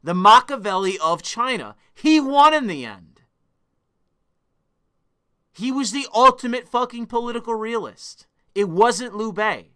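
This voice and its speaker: High, bright-voiced profane male streamer. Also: lively intonation, clean tone. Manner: profane, combative, quick to argue with chat. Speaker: live streamer. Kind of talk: live-stream monologue answering chat.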